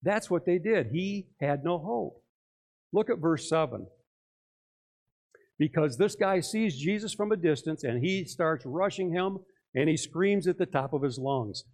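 Man, pastor, sermon, conversational, asks many questions, fairly high voice. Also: animated, measured pace, a little mellow. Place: church.

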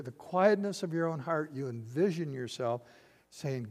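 A man's voice: a little high, a little slow, soft background music. Older male pastor preaching in a reverberant hall. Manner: swings from loud emphatic lines to quiet hushed ones. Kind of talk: sermon.

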